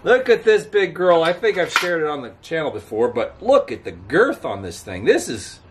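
A man's voice: a little high, sing-song, normal speed. A man vlogging outdoors by a road, rambling casually to camera with chuckles. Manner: rambling, chatty, chuckling, talks back to passing traffic. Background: faint outdoor ambience, passing cars.

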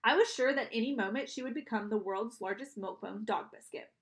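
Woman, expressive, slightly high voice, storybook narration. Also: fairly quick. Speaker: audiobook reader.

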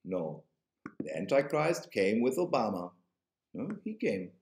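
A man's voice: on the low side, very animated, measured pace, a little mellow, roomy sound. A man with a German accent preaching emphatically to camera, sarcastic and repeating phrases for effect. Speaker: online religious video host.

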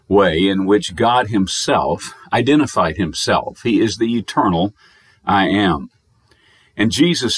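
Husky, lively American pastor preaching. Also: male voice, fairly low pitch, dry recording. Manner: emphatic preaching with repeated phrases; reads scripture in old-fashioned wording. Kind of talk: pre-recorded sermon. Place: recorded message, dry sound.

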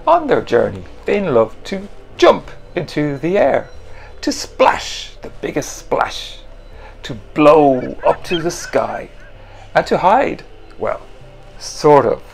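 Slow, animated man reading a storybook. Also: fairly high pitch, creaky, faint music behind. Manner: animated and playful, adds sound effects. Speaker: author reading his picture book.

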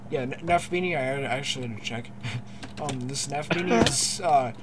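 A young man hosting a casual gameplay commentary, excitable, swearing often, laughing and stammering through restarts. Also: medium pitch, normal speed, very noisy. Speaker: gaming channel host.

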